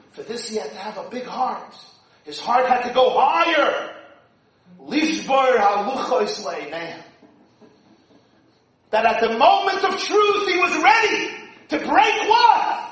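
Brief: man, fiery sermon, quiet to shouting, very roomy hall sound. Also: sits high. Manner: dramatic swings from hushed to shouting. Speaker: rabbi giving a speech. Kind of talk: impassioned sermon. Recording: echoey hall, distant mic.

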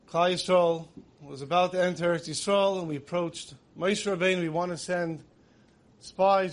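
Male preacher, higher register, casual delivery with rhetorical questions. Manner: mixes in many Hebrew terms. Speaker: religious speaker. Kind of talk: sermon.

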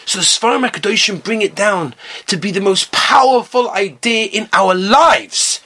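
Animated high-voiced man giving a sermon. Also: normal speed. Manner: animated storytelling with Hebrew and Yiddish terms, rising to impassioned calls. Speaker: rabbi giving a Torah talk.

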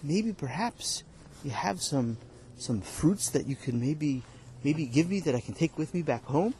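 A man's voice: a little high, lively intonation, unhurried, dark tone, slight background noise. A man voicing a poor, timid farmhand who hesitantly pleads for his wages. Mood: timid pleading. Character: poor timid male farmhand asking for pay.

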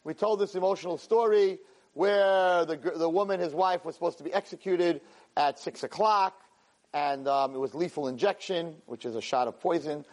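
A man teaching a weekly class, telling a story with lively energy, stumbling over and repeating words and acting out the characters' lines. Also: on the high side, moderate pace. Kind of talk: animated storytelling lesson.

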